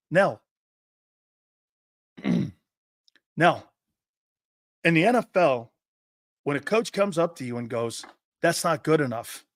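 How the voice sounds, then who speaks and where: Brash profane sports talk host, dry sound. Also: male voice, fairly high pitch, a bit bright, dry recording. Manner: brash, profane, acts out quoted conversations. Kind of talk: sports radio monologue.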